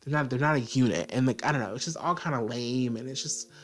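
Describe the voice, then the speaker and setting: A man's voice: medium pitch, fast talker, a bit bright, slight background noise. A man giving a casual video review, talking in a sassy, exasperated way and filling his speech with "like". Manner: sassy, filler-heavy, exasperated ranting. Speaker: TV show reviewer.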